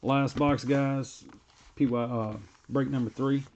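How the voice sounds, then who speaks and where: A man's voice: medium pitch, fairly even intonation, slow pace, a little mellow, a little hiss or hum. Card break host: man, rambling stream chat over dull lo-fi audio. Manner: rambling, reads card names aloud between stories. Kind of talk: casual live-stream chat while opening card packs.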